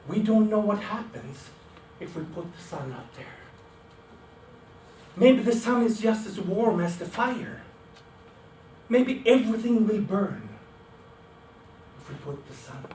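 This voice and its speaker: A man voicing a cautious, protective old grandfather in a spoken folk tale, grave and insistent. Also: fairly high pitch. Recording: roomy, distant, faint background noise.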